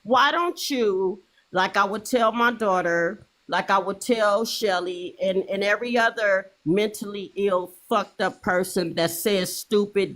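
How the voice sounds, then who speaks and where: A woman's voice: medium pitch, a bit bright. A middle-aged woman hosting a livestream, ranting in a heated, profane, repetitive way. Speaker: livestream host. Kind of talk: angry livestream rant.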